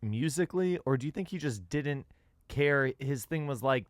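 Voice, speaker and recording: Brief: male interview host, teasing, mid-pitched, dry studio sound. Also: dry recording. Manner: teasing, quick follow-up questions. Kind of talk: casual interview.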